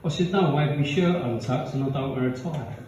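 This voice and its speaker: A stand-up comedian performs live at a comedy pub in front of an audience, firing off punchy jokes and acting out their characters. His medium-pitched voice moves a little fast, and the roomy, distant, dull recording is very noisy.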